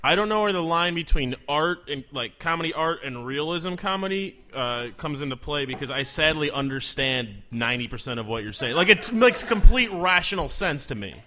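Bright-voiced, joking male talk show host. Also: fairly high pitch, expressive, slight background noise. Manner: quick, joking, sardonic. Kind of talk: casual interview banter.

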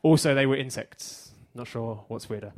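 An English man performing stand-up on a theater stage, his voice pitched at an ordinary middle level. He delivers his lines in a dry, deadpan way and lets each joke land flat. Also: normal speed. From England. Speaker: stand-up comedian. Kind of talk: stand-up comedy set.

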